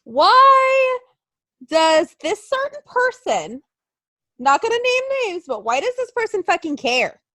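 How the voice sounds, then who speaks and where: A woman's voice: very high voice, very animated, a little slow, dry recording. A young woman co-hosting a podcast, talking casually with mock anger and sarcasm, swearing often. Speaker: podcast co-host. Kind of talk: casual chat.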